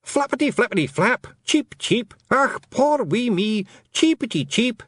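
Scrappy wee Scottish fairy man, very high and shrill, yelling. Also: very animated, unhurried, no echo, exaggerated voice. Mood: squawking. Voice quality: shrill, squawking. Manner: yelling, comic bird cheeps. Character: tiny wild Scottish fairy man, mock bird.

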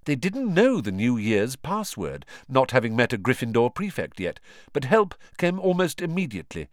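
An expressive male audiobook narrator reads a scripted storybook passage at medium pitch and a moderate pace. The recording is dry and of studio quality.

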